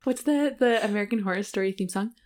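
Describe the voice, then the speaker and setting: A woman's voice: medium pitch, fast talker, a little mellow. A woman co-hosting a chatty podcast, reading passages from a romance novel aloud and joking about them. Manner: giggly, reads passages then jokes about them. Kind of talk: casual chat and reading aloud.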